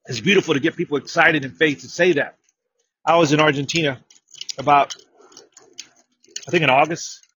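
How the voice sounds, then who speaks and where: A man preaching a sermon, telling a story with many repeated words and building to loud, emphatic declarations. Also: on the high side, normal speed, long pauses, husky.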